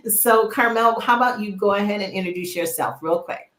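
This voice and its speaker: A woman's voice: medium pitch, a bit bright, slight background noise. Chatty woman host, echoey room. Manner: upbeat, chatty, repeats words. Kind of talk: live online show hosting. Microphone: video call.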